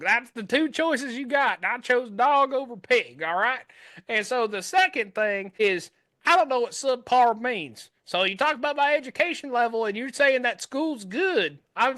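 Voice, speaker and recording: A man's voice: very high-pitched, lively intonation, normal speed, sharp tone, dry recording, voice pushed up, exaggerated voice. A man improvising a proud southern country boy with a put-on Southern drawl, talking in a folksy, indignant, boastful way. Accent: put-on American Southern. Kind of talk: improv comedy sketch.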